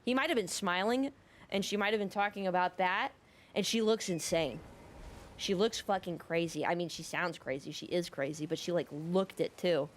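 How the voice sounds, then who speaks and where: A woman's voice: lowish voice, normal speed. Woman gamer, casual rambling storytelling, swears a lot, sarcastic. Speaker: gaming video creator. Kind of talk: casual storytelling over gameplay.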